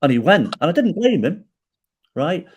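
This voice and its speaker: Husky and a little high, his voice keeps a moderate pace as this middle-aged man recounts a personal story on a podcast as a guest. He acts out quoted dialogue with energy and tags his lines with "right?" to check in with the listener.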